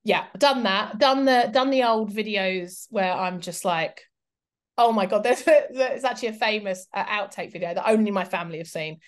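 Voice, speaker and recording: A woman's voice: medium pitch, normal speed. A woman, speaking as a guest historian in a casual interview, candid and self-mocking with lots of fillers. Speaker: guest historian and documentary presenter.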